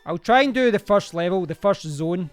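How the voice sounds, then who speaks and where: Chatty gamer, smooth voice. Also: male voice, high-pitched, lively intonation, moderate pace, faint music behind. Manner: rambling, chatty, reacts aloud to the game. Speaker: live-streaming gamer. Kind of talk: casual live-stream chat while playing.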